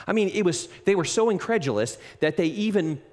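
A man preaching a sermon in an animated, emphatic way, speaking directly to his listeners. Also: sits high, fairly quick, in a large hall.

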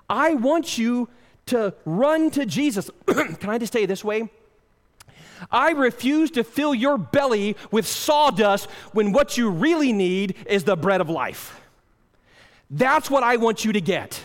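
A man's voice: very high voice, expressive, measured pace. Impassioned male preacher in a reverberant hall. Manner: impassioned, swings from loud pleading to hushed. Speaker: pastor. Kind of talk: sermon.

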